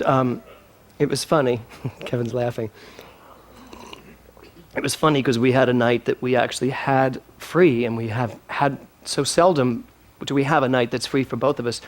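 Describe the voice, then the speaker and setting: Earnest and emotional, a man preaches a vigorous, emphatic sermon in a fairly high voice, and his congregation responds aloud as he goes.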